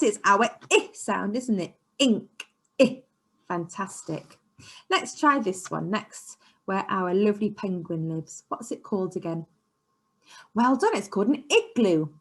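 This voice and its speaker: A woman teaching a phonics lesson to young children in an encouraging, sing-song way, sometimes dropping to a soft whisper. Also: medium pitch. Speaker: early years teacher. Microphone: camera she sets up herself.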